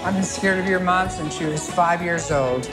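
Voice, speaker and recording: An actress playing a crabby, sarcastic grandma. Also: female voice, lowish voice, normal speed, close to an everyday voice. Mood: wry. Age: older. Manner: dry, cutting wit. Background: music.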